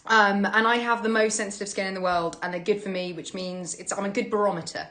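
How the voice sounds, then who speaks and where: A woman's voice: mid-range voice, fairly even intonation, fast, fairly bright tone. A woman hosting a livestream from home, chatting casually and greeting viewers. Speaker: livestream host. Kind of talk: casual chat.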